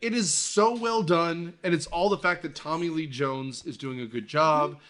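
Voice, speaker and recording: A man's voice: a little high, moderate pace. A man hosting a casual movie podcast, recounting scenes with lots of energy and the odd swear. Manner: animated, swears, laughs while recounting scenes. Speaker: podcast host.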